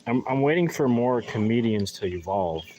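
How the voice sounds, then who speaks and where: A man's voice: medium pitch, lively intonation, moderate pace, mellow, a little hiss or hum, poor audio. A man chatting casually in a live vlog while potting plants in a garden, rambling with sarcastic mock enthusiasm, recorded on a phone in his hand. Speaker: gardening vlogger. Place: outdoor garden. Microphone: phone held in hand.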